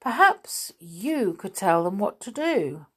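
A woman voicing a simple-minded male creature chief who grumbles and sounds slow and puzzled. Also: medium pitch, very animated, breathy edge, exaggerated voice.

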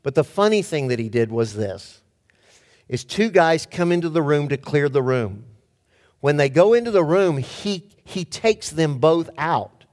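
A man preaching a sermon, telling stories and firing rhetorical questions at his audience with animated swings in pitch and volume. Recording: long hall reverb.

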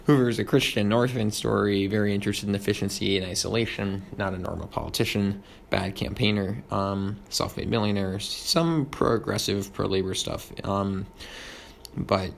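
A young man reviewing history fast, with lots of ums and uhs, over faint background noise. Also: on the low side, fairly even intonation, vocal fry. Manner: quick, with many ums and uhs. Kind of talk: rapid study review.

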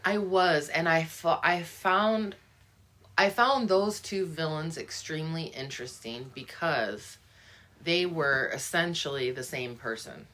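A woman's voice: low voice, unhurried, a bit bright. A woman talking through a book in a casual, thoughtful discussion, often restarting her sentences. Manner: thoughtful, musing, many restarts and fillers.

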